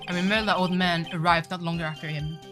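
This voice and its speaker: A woman's voice: on the low side, fairly even intonation, fast talker, over music, close to an everyday voice. A woman reading a restaurant owner's lines in a mock French accent, stumbling over the names. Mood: earnest.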